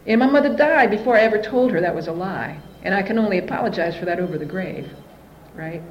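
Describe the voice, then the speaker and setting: A woman's voice: medium pitch, lively intonation, fast, muffled recording, a little hiss or hum. Candid woman sharing a recovery story. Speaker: speaker sharing her story at a recovery meeting. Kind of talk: personal recovery testimony.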